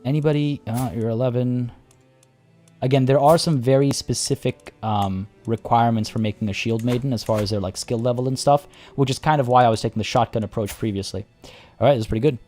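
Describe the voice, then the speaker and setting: A man streaming a strategy game live, talking through his choices out loud and chatting with his viewers. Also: mid-range voice, steady tone, fairly quick, faint music behind. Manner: chatty, reads chat aloud and thinks out loud.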